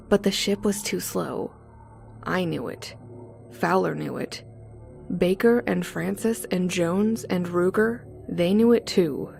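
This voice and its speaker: Slow gravelly woman storyteller. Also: fairly low pitch, a little mellow, faint music behind. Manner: slow, deliberate first-person telling. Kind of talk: dramatic horror story narration.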